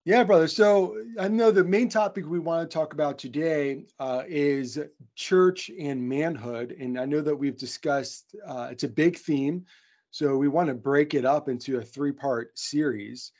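A man's voice: a little high, unhurried, a little mellow. A man co-hosting a casual podcast, talking in an earnest, friendly way with frequent fillers and restarts. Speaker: podcast co-host. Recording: dull lo-fi sound.

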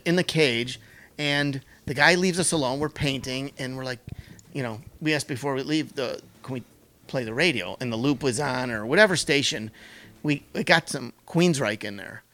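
A man's voice: mid-range voice, normal speed, a bit bright. A middle-aged man telling a story in casual chat, swearing freely and acting out the quotes. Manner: profane, laughing, acts out quotes.

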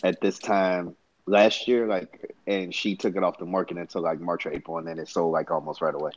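Fast-talking deep-voiced man, laid-back. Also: level tone, highs cut off. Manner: laid-back, slangy, quick reactions. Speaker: podcast co-host. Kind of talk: casual podcast chat.

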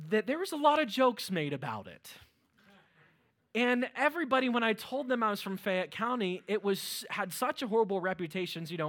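A man with a Pittsburgh accent preaching a sermon as pastor, energetic, with loud exclamations to the congregation. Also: high voice. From Western Pennsylvania.

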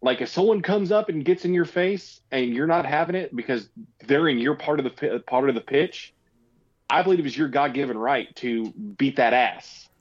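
A man's voice: medium pitch, normal speed, lo-fi sound. Filler-heavy man in casual chat. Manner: rambling, filler-heavy, opinionated.

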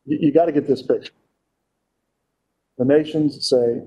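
A man's voice: medium pitch, fairly even intonation, moderate pace, long pauses, mellow, husky, poor audio. A man preaching a Bible-teaching sermon. He reads scripture aloud, explains it, and asks his listeners frequent rhetorical questions. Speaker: pastor.

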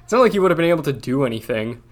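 A young man hosting a podcast, joking in relaxed, slangy chat and often trailing off mid-sentence. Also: fairly high pitch, racing, slight background noise. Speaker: podcast host. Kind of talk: casual chat.

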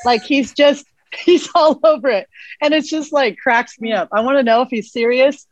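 A woman's voice: high voice, moderate pace, no echo. Bubbly woman guest, slightly lo-fi. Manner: bubbly, laughs often, chatty fillers. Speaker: guest, mindset coach. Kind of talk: casual interview chat.

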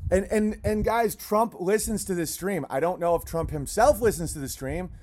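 A man hosting a livestream, rambling in a casual, profane rant and now and then breaking off to yell at barking dogs. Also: high-pitched, moderate pace. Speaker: livestream host.

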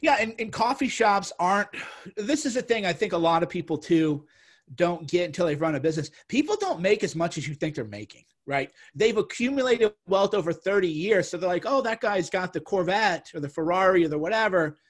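A man's voice: high-pitched, animated, a little fast. A man hosting a casual podcast discussion who talks bluntly and swears freely, with an indignant edge.

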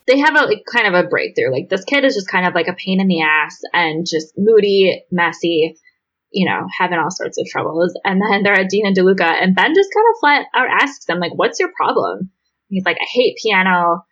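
Blunt, husky-voiced woman on a muffled line. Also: lowish voice, animated, brisk, fairly bright tone. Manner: blunt, exasperated, swears freely. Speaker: podcast co-host. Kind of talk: casual chat.

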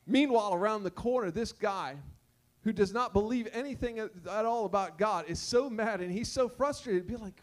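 Guy preaching, pretty high voice, keeps repeating himself, tells stories, sings a bit. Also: a little fast. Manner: storytelling with repeated words and sung snippets. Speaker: pastor. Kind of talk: sermon.

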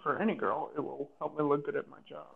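A man's voice: on the high side, flat delivery, vocal fry. Laid-back young man, muffled, crowd noise. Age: young adult. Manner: laid-back, halting, many "like" fillers. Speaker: podcast co-host. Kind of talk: casual chat among friends.

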